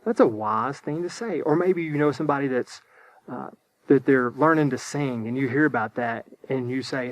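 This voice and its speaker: A man's voice: mid-range voice, moderate pace, no echo, highs cut off. A man teaching a children's church lesson in an upbeat, simple way, often repeating words and checking in with his young listeners.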